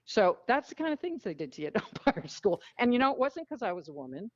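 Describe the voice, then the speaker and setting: A woman tells frank, animated stories as an interview guest, blunt and lively in her delivery. The recording is muffled and lo-fi. It is also very dry, with no room sound. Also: medium pitch, fast, no room sound. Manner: animated, frank storyteller who acts out quotes. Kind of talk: storytelling in a casual interview.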